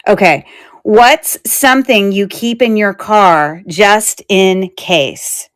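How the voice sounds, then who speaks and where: A woman's voice: medium pitch, slow pace. Chatty, giggly woman host. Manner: chatty and giggly, with frequent fillers. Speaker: online shop host selling jewelry on a live stream. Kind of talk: casual live-stream selling chat.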